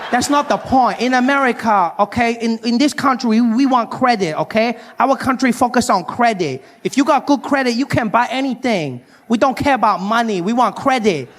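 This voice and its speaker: A man's voice: extremely high pitch, animated, moderate pace, few pauses, fairly bright tone, pitched above the performer's own voice. A man doing a pushy salesman in broken English. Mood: insistent. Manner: insistent, repeats "okay?".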